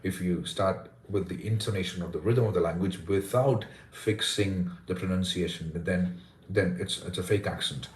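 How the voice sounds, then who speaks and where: Male pronunciation coach, low voice, earnest explainer, live Q&A, roomy echo. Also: moderate pace. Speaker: pronunciation teacher and content creator. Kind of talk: live Q&A lesson.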